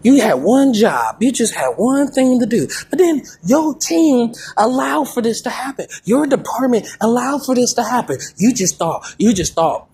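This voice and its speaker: A woman's voice: a little high, animated, moderate pace, hardly any pauses, warm tone, husky. Indignant woman ranting in a comedy bit. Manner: rambling, repetitive, stammering restarts; indignant, lecturing. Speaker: comedian playing a head of state. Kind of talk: improvised comedic rant in character.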